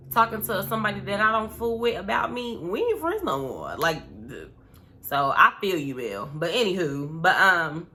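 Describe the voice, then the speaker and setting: A woman's voice: mid-range voice, sharp tone. A woman casually recapping a reality show episode, opinionated and slangy, full of fillers and asides.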